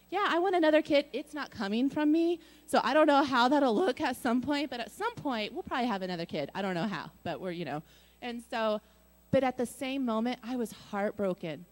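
A middle-aged woman giving a personal testimony, telling her story earnestly and acting out the dialogue. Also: medium pitch. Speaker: speaker sharing a personal story.

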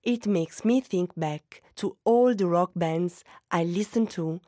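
Soft-spoken Italian-accented woman narrating. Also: lowish voice, slow pace, crowd noise. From Naples. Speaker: radio piece narrator. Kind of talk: scripted narration.

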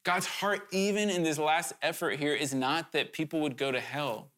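A man's voice: a little high, moderate pace, a bit bright. A man preaching a sermon to his congregation, earnest and urgent, talking conversationally with candid asides and sudden emphatic rises.

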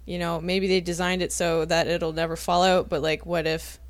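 Young woman cohost, lowish voice, dry sound, kinda hesitant and chatty. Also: level tone, moderate pace, dry recording. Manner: hesitant, thinking aloud, casual swearing. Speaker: podcast co-host. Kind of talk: casual chat.

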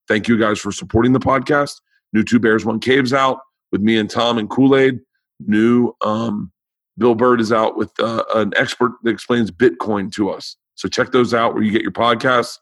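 A man's voice: medium pitch, dry recording. A man hosting his podcast in casual chat, his voice tired and lacking power, rambling with stuttering restarts. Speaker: podcast host.

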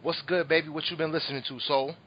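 A man's voice: a little high, fairly even intonation, quick pace, no room sound, dull audio. A man hosting a podcast in casual chat, laughing and rambling, a little tipsy after a couple of drinks. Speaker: podcast host.

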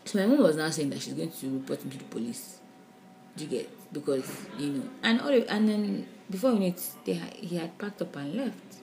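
Animated Nigerian woman podcaster. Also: deep voice, fairly quick, creaky, slight background noise. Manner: animated, with frequent restarts and "do you understand?". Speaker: podcast co-host. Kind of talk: casual discussion.

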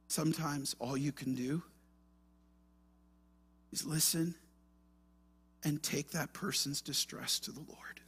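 A man's voice: mid-range voice, a bit bright, breathy edge. A man pastor preaching an earnest sermon with emphatic rhetorical questions.

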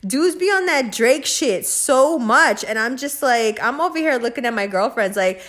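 Profane, animated woman ranting casually. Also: a little high, moderate pace, few pauses. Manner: blunt, profane, animated with frequent laughs and filler "like". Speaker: host.

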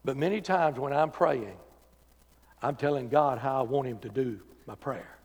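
A man preaching a sermon as pastor, swinging from loud emphatic calls to quiet, intimate talk. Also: medium pitch, normal speed, vocal fry, breathy edge. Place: church sanctuary. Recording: church sanctuary with long reverb.

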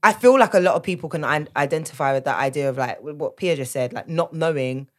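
Low-voiced woman hosting a podcast. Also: fast talker. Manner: chatty, asks guests questions. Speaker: podcast host. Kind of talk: casual interview chat.

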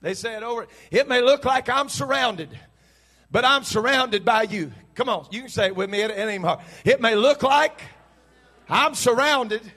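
A man preaching a sermon to his congregation in church, fervent and shouting at its peaks, then dropping into casual joking asides. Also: high voice, moderate pace. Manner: impassioned preaching that builds to shouts. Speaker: pastor.

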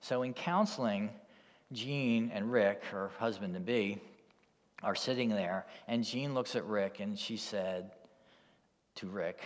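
A man's voice: fairly low pitch, slow pace, long reverb tail. A man preaching a sermon as a pastor, telling a story in a conversational way. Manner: storytelling, conversational with "you know" asides. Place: church.

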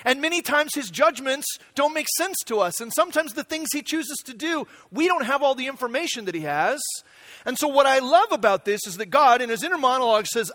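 A man with an unusually high-pitched voice preaches a sermon in a church. He talks in a relaxed, conversational way and keeps turning to the room with "right?" to check that people are following. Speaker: pastor. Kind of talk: sermon with personal story.

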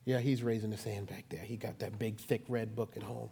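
A man preaching a sermon in a lively, conversational way with dramatic emphasis. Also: lowish voice, brisk, gravelly, breathy edge. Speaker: pastor. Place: church sanctuary.

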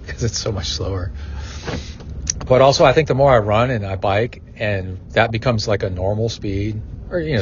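A man's voice: fairly low pitch, muffled recording, slight background noise. A middle-aged man hosting a podcast in a casual, rambling chat that wanders off on tangents. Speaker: podcast host.

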